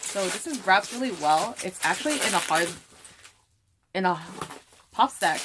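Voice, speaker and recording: A woman's voice: medium pitch, animated, moderate pace, long pauses, noisy background. Chatty young woman rambling through an unboxing. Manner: rambling with many fillers. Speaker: vlogger. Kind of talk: casual unboxing vlog.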